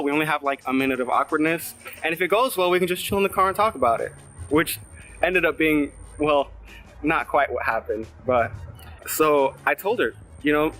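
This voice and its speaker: A young man with a bright, slightly high voice tells a story for his vlog. He rambles, pokes fun at himself and fills his sentences with "like", while soft music plays underneath. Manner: rambling, self-deprecating, heavy on "like" fillers. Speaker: vlogger.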